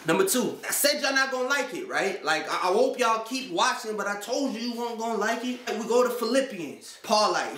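Man hosting a faith channel, casual and slangy, fairly high voice, echoey room. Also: animated, fairly quick, hardly any pauses, pushed and bright. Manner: conversational, slangy, often asks "right?". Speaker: Christian video host. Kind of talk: casual talk to camera.

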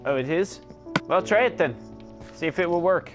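Excitable young man gaming over music. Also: high voice, moderate pace. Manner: excitable, swears and laughs often. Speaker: gamer. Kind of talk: casual game commentary. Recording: game music underneath.

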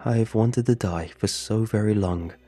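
A flat, robotic computer voice reads out a dying man's last note, as a man puts it on. It speaks without intonation, very low and dark, with a husky grain. The horror storybook reading stays level throughout. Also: measured pace. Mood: bleak.

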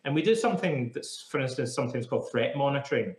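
A psychotherapist being interviewed, this man talks in a chatty, casual way, scattering "like" through his explanations. His mid-range voice is a little mellow, with lively intonation and a quick pace. The room has an echo.

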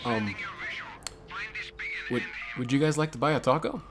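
A man hosting a comedic gameplay commentary, goofy and often yelling in exasperation. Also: mid-range voice, measured pace. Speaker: gaming channel host. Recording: game music in the background.

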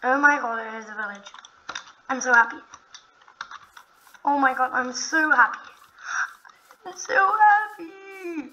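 A young woman casually narrating her own video game play, excitable, often gasping and talking to the animals on screen. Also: high-pitched, moderate pace, long pauses, a little hiss or hum, low-quality recording. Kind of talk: casual gameplay commentary.

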